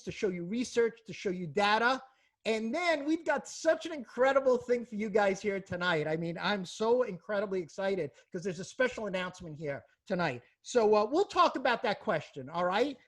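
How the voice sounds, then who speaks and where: An enthusiastic woman runs a live question-and-answer webinar over a video call. Her fairly high voice swings widely in pitch as she pitches her coaching with a salesy, upbeat push. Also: breathy edge. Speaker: host, practice coach.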